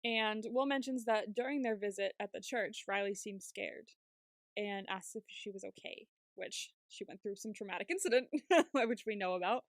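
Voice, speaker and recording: With a mid-range voice and moderate pace, a woman co-hosts a podcast, chatting casually through a TV episode recap. She laughs a lot and plays out what the characters said. There's no room sound; the audio is clean studio quality.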